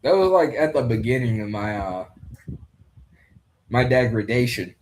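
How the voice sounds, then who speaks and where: A man's voice: mid-range voice, lively intonation, measured pace, darkish tone, a little hiss or hum. A young man talks over a fight card in a loose, rambling way, drifting between stories and remarks on the fighters. He swears offhandedly and keeps it casual throughout. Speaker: podcast host commentating a fight card.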